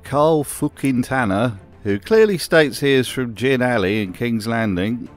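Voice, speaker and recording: A man's voice: mid-range voice, animated, a little slow, faint music behind. A man narrating a wry commentary voice-over in a dry, sardonic manner. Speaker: video narrator.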